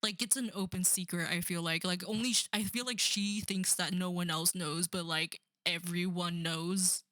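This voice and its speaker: A woman's voice: on the low side, steady tone, normal speed, fairly bright tone, dry recording, clean studio sound. A young woman rambling sarcastically through a book review, full of "like" and "um". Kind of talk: casual rant about a book.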